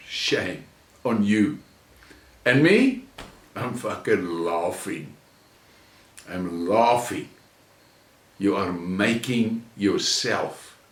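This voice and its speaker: A South African man rants slowly and with lively swings in pitch, his mockery full of curses and contempt. He sounds set back from the mic in an echoey room. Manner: profane, mocking and contemptuous, swings between shouting and low sneering. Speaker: channel host. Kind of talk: angry ranting monologue. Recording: roomy echo, mic at a distance.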